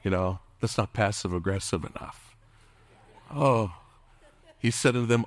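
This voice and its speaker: Middle-aged male pastor, lowish voice, dry close sound; impassioned preacher who drops into whispers. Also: normal speed, long pauses, dry recording. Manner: impassioned preaching, dropping at times to a hushed whisper; calls out to the congregation for responses. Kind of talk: sermon.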